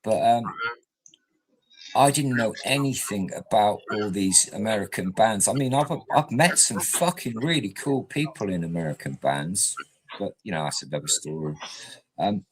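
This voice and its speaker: A man's voice: lowish voice, moderate pace, slightly rough, low-quality recording. A man, telling rambling, swear-laden stories in casual chat.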